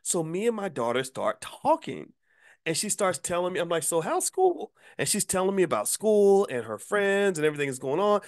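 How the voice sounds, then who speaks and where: Animated middle-aged man, higher voice. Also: a little fast. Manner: animated storytelling, frequent stammered restarts. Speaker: channel host. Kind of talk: casual spoken monologue with anecdote.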